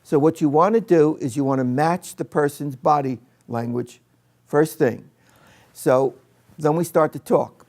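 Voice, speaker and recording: A man's voice: on the high side, a little slow, a little mellow. A man training teachers in a live workshop, chatting with his audience and demonstrating with a volunteer in a training room.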